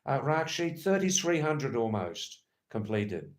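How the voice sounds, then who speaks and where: A man chats on his livestream, answering viewer comments at a very slow, easy pace. His voice sits at an ordinary middle pitch, and he rambles playfully, repeating words and phrases as he goes. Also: big pitch swings. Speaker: livestream host. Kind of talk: casual livestream chat reading viewer comments. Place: lives in Nepal.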